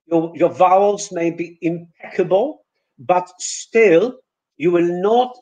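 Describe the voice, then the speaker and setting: A man whose first language is Polish, giving a pronunciation lesson in a webinar, deliberate and hesitant, with fillers and restarts, on a computer mic. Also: high voice, a little mellow, poor audio. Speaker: pronunciation teacher. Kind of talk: webinar lecture.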